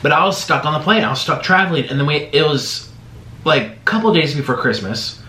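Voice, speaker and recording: A man's voice: a little high, fairly quick. A man hosting a mukbang, telling a rambling story casually while eating. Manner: chatty, rambling, animated. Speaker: mukbang host. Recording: roomy echo, faint background hiss.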